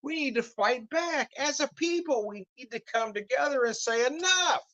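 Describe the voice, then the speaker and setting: A man's voice: extremely high pitch, expressive, moderate pace, fairly bright tone, no echo, poor audio. A man ranting casually to camera as a whiskey vlogger, swearing freely and breaking into laughs. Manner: profane, laughing ranter.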